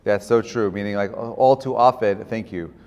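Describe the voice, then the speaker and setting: A rabbi with a fairly low voice teaches a class in casual, chatty speech, full of fillers and quick asides. His voice hangs in a long reverb, as in a lecture hall. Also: darkish tone. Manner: conversational, many fillers and tag questions. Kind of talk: informal lecture with storytelling.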